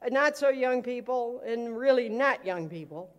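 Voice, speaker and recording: Woman pastor with a high voice, preaching with humorous stories and loud acted-out prayers. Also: animated, moderate pace, lo-fi sound. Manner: storytelling with humor, acting out prayers loudly. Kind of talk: live sermon.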